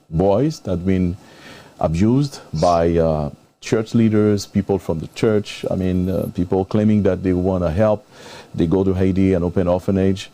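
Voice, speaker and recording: Male host, low voice, dark mellow tone, emotional, effusive thanks. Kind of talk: live interview show.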